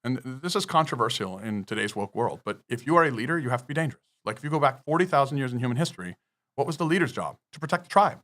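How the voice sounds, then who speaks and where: A man's voice: mid-range voice, expressive, rapid-fire, fairly bright tone. A man guest on a business podcast, lecturing emphatically through numbered points with frequent swearing. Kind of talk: podcast interview.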